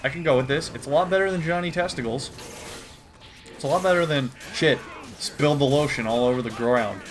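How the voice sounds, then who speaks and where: A man's voice: fairly high pitch, expressive, moderate pace, pauses often, over music. A man doing comedic commentary while reading a comic aloud, crude, profane and exasperated. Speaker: YouTuber.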